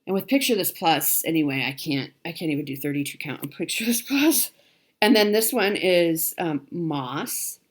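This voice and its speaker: A woman's voice: low-pitched, animated, normal speed. A woman vlogger chatting casually about cross-stitch supplies she received, gushing with frequent ums and little laughs. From Pacific Northwest, United States. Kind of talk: casual chat showing stitching haul.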